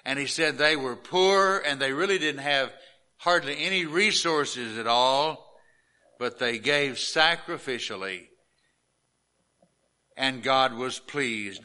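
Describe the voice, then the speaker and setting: A man preaching a sermon as pastor, reading scripture aloud and explaining it with slow, emphatic delivery. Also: medium pitch, animated, sharp tone, clean tone.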